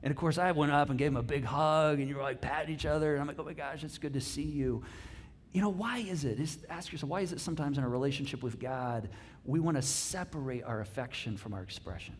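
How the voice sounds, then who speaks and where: A middle-aged man, a pastor, giving a conversational sermon with lively asides and frequent restarts. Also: fairly high pitch, fast talker, slight background noise. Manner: animated and chatty, with many restarts and asides.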